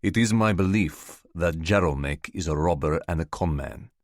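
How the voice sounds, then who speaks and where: A man voicing a gruff, indignant foreign businessman with a gravelly Czech accent and broken English, speaking slowly and sternly. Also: low-pitched, no room sound, studio quality, voice pushed down. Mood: angry. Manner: slow, stern, lecturing.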